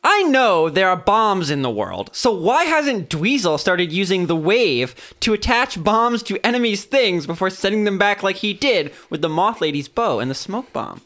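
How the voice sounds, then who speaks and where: A woman hosts a casual podcast with a lively voice that rises and falls freely. Her tone is bright and clear. She reads listener letters aloud and breaks into laughter often. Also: medium pitch, normal speed, hardly any pauses. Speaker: podcast host reading listener mail. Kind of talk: casual chat.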